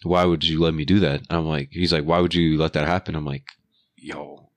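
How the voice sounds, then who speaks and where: A man's voice: rumbling low, fast talker, no echo. A young man casually retelling a work story, full of slang and swearing, and acting out what people said. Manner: profane, slangy, animated retelling with quoted voices.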